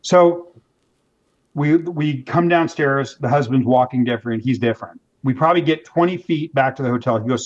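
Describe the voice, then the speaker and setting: Male interview guest, animated storyteller, mid pitch, muffled lo-fi audio. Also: moderate pace. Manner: animated storyteller, acts out quoted voices, many restarts. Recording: dull lo-fi sound.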